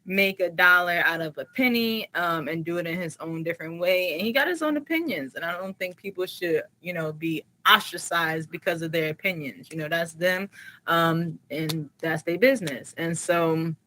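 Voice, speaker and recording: A woman hosting a casual online talk show, speaking in a relaxed, conversational way with frequent fillers. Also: lowish voice, normal speed, rough recording. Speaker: podcast host. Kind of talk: casual chat.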